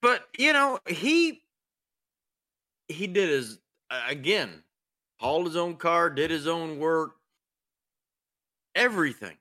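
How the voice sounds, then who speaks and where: A man's voice: a little high, expressive, takes it slowly, long pauses, pushed and bright. A man co-hosting a racing podcast in casual chat, easygoing, asking questions and searching for words. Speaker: podcast co-host.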